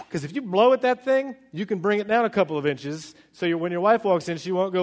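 Middle-aged male pastor, sermon, animated storytelling, fairly high voice, long church reverb. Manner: animated storytelling, swings from loud and excited to hushed and slow.

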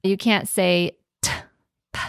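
A woman's voice: mid-range voice, fairly even intonation, slow pace, gravelly, clean tone, dry recording, studio quality. A woman hosting a podcast, explaining in a casual teaching tone and stretching out words for emphasis. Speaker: podcast host.

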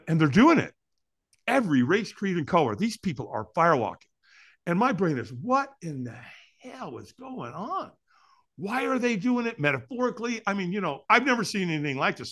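A man telling a story as a podcast guest, his voice sitting a little high and swooping all over the place. His tone is bright and forceful. He acts the story out with sound effects and quick laughs. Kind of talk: animated storytelling.

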